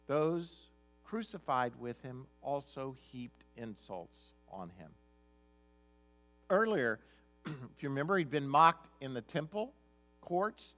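A man's voice: mid-range voice, lively intonation, slow pace, long pauses, a bit bright, faint music behind. A male pastor preaching a sermon, reading scripture aloud and then explaining it in an emphatic, conversational way.

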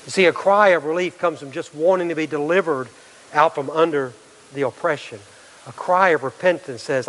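A man's voice: a little high, fairly quick, fairly bright tone, a little hiss or hum. A middle-aged male pastor preaching a sermon, earnest, full of rhetorical questions and restarts. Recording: long hall reverb.

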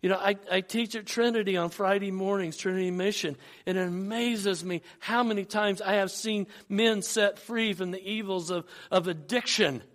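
A man's voice: high-pitched, steady tone, normal speed, hardly any pauses, fairly bright tone. A man preaching a Sunday sermon, retelling a film speech with frequent restarts and rising fervor. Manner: storytelling with repeated restarts, rising to fervor when quoting. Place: church.

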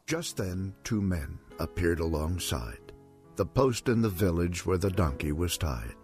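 A man with a very deep voice reads a rhyming storybook poem in a measured, sing-song rhythm. Soft music plays faintly behind him. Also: expressive.

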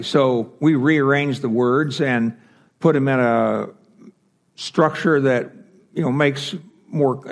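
A man teaching a Bible class, explaining step by step with fillers and self-corrections. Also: mid-range voice.

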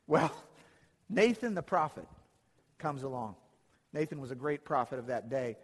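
A man's voice: medium pitch, lively intonation, unhurried, in a large hall. A man preaching a sermon, retelling Bible stories and acting out the characters' lines.

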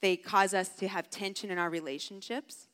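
A woman's voice: medium pitch, fairly even intonation, moderate pace, fairly bright tone. A woman giving a casual, storytelling sermon as a camp speaker, with a chatty manner full of "like". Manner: casual, chatty, heavy use of "like". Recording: long hall reverb.

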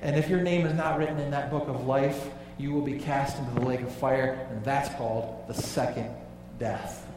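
A man preaching a sermon, emphatic, dropping low and quiet on key phrases. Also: fairly even intonation, normal speed, hardly any pauses, distant mic, noisy background. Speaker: pastor. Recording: echoey hall, voice from off-mic.

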